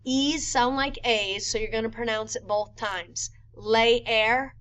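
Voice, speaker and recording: A woman teacher explaining grammar rules step by step in a recorded lesson, slowing down to spell out examples. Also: on the high side, fairly bright tone, low-quality recording. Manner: clear, methodical explaining with slow spelled-out examples. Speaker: Spanish teacher.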